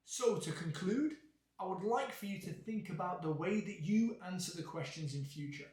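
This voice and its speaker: A man teaching an English lesson, explaining clearly and acting out examples with exaggerated intonation. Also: high-pitched, lively intonation, moderate pace, darkish tone. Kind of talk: video lesson. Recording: echoey room.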